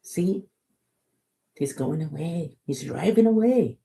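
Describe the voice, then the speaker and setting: A woman's voice: lowish voice, expressive, takes it slowly, creaky, mellow. A woman reading a children's book aloud, chatting and explaining words and lessons to young listeners. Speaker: storytime reader.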